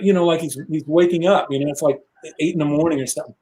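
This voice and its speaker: A man telling a tour story in a casual interview, animated and acting out the voices of people in it. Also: fairly high pitch, racing, poor audio. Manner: animated, acts out voices in quotes. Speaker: guest musician.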